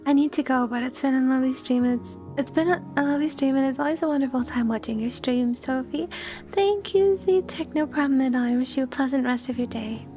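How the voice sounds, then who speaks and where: A woman's voice: high-pitched, brisk, warm tone, faint music behind. A woman VTuber streamer in casual livestream chat, giggly and greeting her chatters by name.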